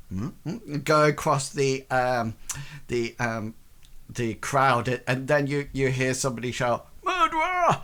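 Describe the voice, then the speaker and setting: A man running a tabletop game as game master, narrating in a halting way full of ums and restarts, now and then shouting out lines for crowd members. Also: fairly high pitch.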